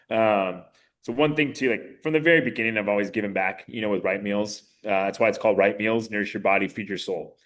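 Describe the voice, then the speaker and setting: Animated man telling his story. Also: lowish voice. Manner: animated, many fillers, voices quotes. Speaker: podcast guest, mayoral candidate. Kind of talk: casual storytelling interview.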